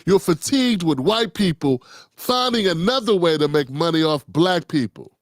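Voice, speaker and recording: A man's voice: fairly high pitch, lively intonation, moderate pace, no echo, studio quality. A man hosting a political commentary show, talking off the cuff in a blunt, profane, rambling way with lots of restarts.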